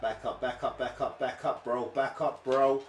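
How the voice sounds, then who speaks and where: A young man reacting loudly while playing a fighting game, yelping and bantering in slang. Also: mid-range voice, level tone, normal speed, noisy background. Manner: yelps and slangy banter with the officials. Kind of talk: excitable live gameplay reactions. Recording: echoey room, off-mic, game music.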